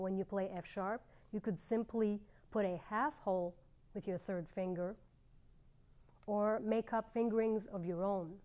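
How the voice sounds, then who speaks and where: A middle-aged woman teaching clarinet, explaining fingerings in a clear, measured way with pauses. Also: medium pitch, dark tone. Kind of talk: instructional demonstration.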